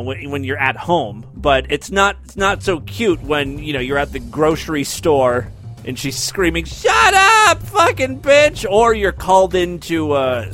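A man's voice: fairly high pitch, fairly bright tone. A man hosting a crude comedy podcast, introducing clips with sarcastic quips. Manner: sarcastic, wisecracking. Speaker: podcast host.

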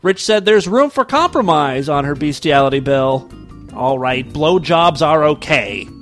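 A man's voice: on the high side, normal speed, faint music behind. A man hosting a comedy news podcast, reading stories aloud and mocking them with crude jokes, laughing at his own lines.

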